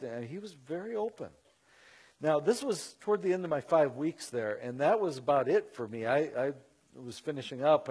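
Husky-voiced man telling a story. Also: on the high side. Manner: animated, conversational, with frequent fillers. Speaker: Christian speaker. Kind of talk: storytelling talk.

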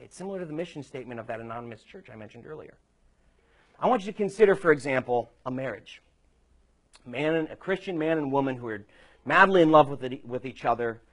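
Man preaching a conversational sermon. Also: on the high side. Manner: conversational storytelling, emphatic.

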